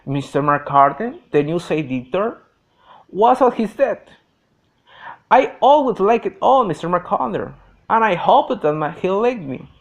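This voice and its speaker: A man reading a story aloud in an earnest, expressive way. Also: sits high, measured pace, lo-fi sound. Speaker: reader. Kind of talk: audiobook reading.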